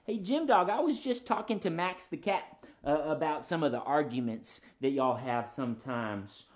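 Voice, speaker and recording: A man's voice: on the high side, expressive, normal speed, hardly any pauses. A man hosting a children's show, chatty and encouraging, talking straight to the kids watching. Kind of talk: friendly children's show patter.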